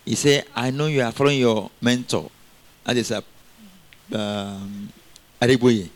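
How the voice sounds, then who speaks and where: A man preaching a sermon in an animated way, asking the congregation questions and laughing often. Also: mid-range voice, measured pace.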